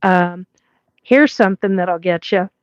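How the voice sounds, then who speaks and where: This livestream host, a woman in her fifties from Washington State with a West Coast accent, chats casually and rambles, filling her talk with fillers and laughter. Her voice is fairly low-pitched and unhurried. The recording sounds muffled, with no room sound.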